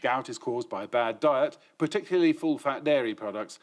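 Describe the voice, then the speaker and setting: A man guest-hosting a comedy news quiz in a TV studio, reading questions with dry, deadpan punchlines. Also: mid-range voice, brisk. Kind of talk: scripted panel-show hosting. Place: TV studio with live audience.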